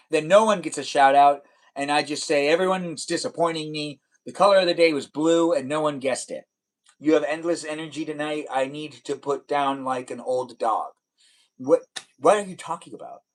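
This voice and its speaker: A young man hosts a livestream, talking straight to viewers in a rambling, playful way. His voice sits a little high for a man. He reads out comments as they come in and teases the people who sent them. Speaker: livestream host. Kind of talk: casual livestream chat reading viewer comments.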